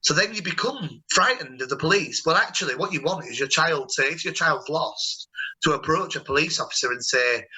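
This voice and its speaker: Guy on a casual call, really bright sharp voice, rambly and chatty. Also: fairly high pitch, expressive, fairly quick, breathy edge, poor audio. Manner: chatty, rambling, warm storytelling with many restarts. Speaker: host. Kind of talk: casual video-call chat.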